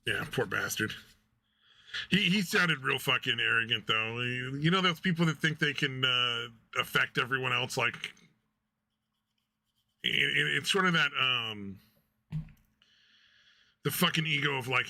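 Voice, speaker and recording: A man's voice: mid-range voice, animated, moderate pace, gravelly, pauses often, pushed and bright. A man co-hosting a podcast, chatting crudely with lots of swearing and laughter, acting out the people he quotes. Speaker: podcast co-host. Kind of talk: crude casual chat.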